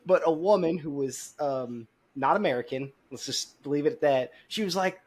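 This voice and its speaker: A man's voice: fairly high pitch, moderate pace, hardly any pauses. A man from South Carolina with a Southern accent, telling stories in a laid-back way as a podcast panelist. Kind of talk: casual chat, storytelling.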